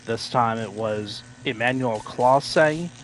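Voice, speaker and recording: A man casually chatting on a game livestream, rambling with lots of fillers and self-corrections, now and then acting out loud excited announcers. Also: takes it slowly, a little hiss or hum. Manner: acts out quoted announcers with sudden loud high outbursts. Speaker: livestream gamer.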